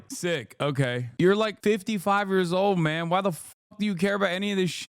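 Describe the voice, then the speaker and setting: Male streamer, 30s, reacting to clips, sarcastic and cussing, smooth voice, slightly high. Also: moderate pace, dry recording, studio quality. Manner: sarcastic, profane, laughs often. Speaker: streamer and political commentator. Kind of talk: live-stream reaction commentary.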